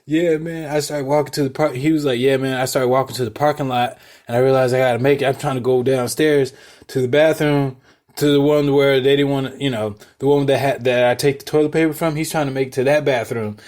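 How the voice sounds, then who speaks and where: A man's voice: mid-range voice, fairly even intonation, fast, darkish tone. A young man, a podcast host, telling a loose, profane story in casual chat and laughing as he goes. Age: young adult.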